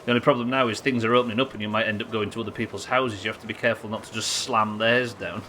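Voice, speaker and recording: Bright-voiced Yorkshire streamer, swearing. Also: male voice, fairly low pitch, steady tone, very fast, slight background noise. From Yorkshire, England. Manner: sweary, joking, chatty with viewers. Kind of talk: casual live-stream gameplay chat.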